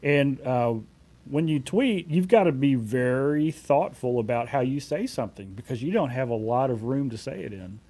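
A man in his forties, a company CEO, being interviewed and telling anecdotes in a relaxed way with frequent fillers. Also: mid-range voice, moderate pace. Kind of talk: conversational storytelling.

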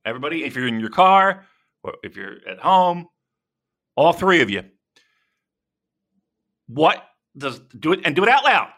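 A man with a slightly high voice co-hosts a casual wrestling podcast at a moderate pace, leaving long pauses. He's got a sore shoulder, and his stories are rambling, profane, and animated.

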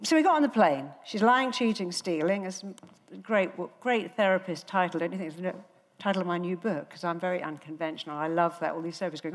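A woman, a therapist, giving a motivational stage talk, telling stories with animated, acted-out voices. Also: fairly low pitch, fairly quick. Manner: animated storytelling, acting out quoted voices. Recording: reverberant hall.

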